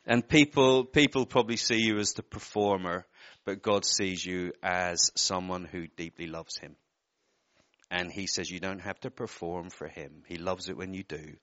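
A man's voice: low voice, fairly even intonation, moderate pace, fairly bright tone, dry recording, lo-fi sound. A man preaching a sermon, giving earnest personal words to people in the congregation and often breaking off with apologetic asides.

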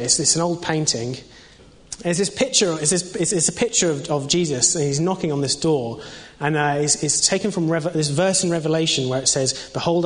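A young man preaching an informal sermon in a conversational way, with many fillers and restarts. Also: on the high side. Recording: long reverb of a hall.

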